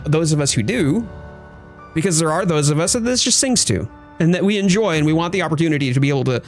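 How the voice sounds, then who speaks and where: A man's voice: fairly high pitch, lively intonation, quick pace, faint music behind. A man streaming a game, chatting casually and thoughtfully with his viewers while he plays. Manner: thoughtful, hedging, reads chat aloud. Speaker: gaming streamer. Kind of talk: casual live-stream chat.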